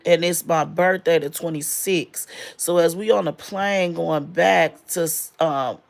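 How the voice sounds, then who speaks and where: A woman's voice: on the low side, steady tone, unhurried, vocal fry. A woman in her forties telling a personal story in a casual, emotional way, with many fillers, close to tears. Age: 40s.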